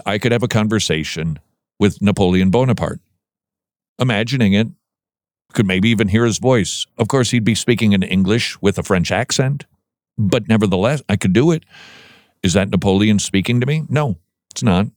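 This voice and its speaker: A man's voice: mid-range voice, dry recording, clean studio sound. A man hosting Christian commentary, reading news items and answering them in an earnest, emphatic, preacherly way.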